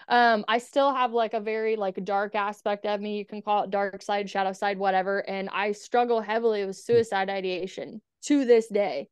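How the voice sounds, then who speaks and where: Smooth-voiced woman telling her story frankly. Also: medium pitch, fairly even intonation, moderate pace, few pauses, no room sound. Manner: frank, swears freely, many "like" fillers. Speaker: podcast guest. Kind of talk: candid personal storytelling.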